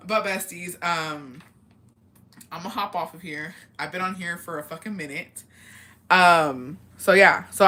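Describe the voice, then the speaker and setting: A woman chats on a casual live stream, answering comments in a blunt, profane way. Her voice sits a little low but comes across bright and forceful. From Mexican heritage. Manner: blunt, profane, chatty, reads comments aloud.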